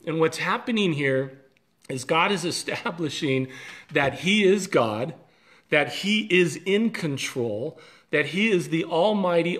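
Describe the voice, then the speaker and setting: Earnest pastor, a man with a fairly high voice. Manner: earnest, conversational, with small restarts. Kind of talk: devotional video talk.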